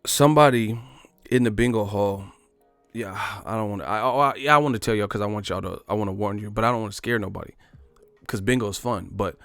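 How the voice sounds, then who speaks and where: A man's voice: fairly low pitch, fairly quick, fairly bright tone, smooth, no echo, soft background music. A man telling a profane, rambling comic story in casual slang. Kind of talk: casual comedic storytelling monologue.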